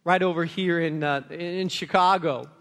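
A man's voice: fairly high pitch, steady tone, unhurried, a bit bright. A male pastor preaching a sermon to a congregation, emphatic and repetitive, telling stories. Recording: long reverb of a large room.

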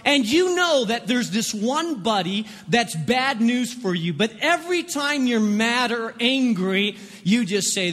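A man's voice: very high voice, a bit bright. A pastor preaching a sermon, stumbling and repeating words in bursts as he acts out quoted voices. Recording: long hall reverb.

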